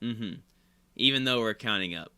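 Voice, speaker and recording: A man's voice: lowish voice, normal speed, sharp tone, clean tone. A young man co-hosting a podcast, joking and teasing in casual banter. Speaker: podcast co-host.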